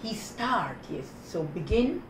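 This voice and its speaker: Slow, lively Jamaican woman teaching patois. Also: medium pitch. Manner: swaps patois phrases for plain English equivalents. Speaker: host. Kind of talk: casual teaching of patois words. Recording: roomy with background noise.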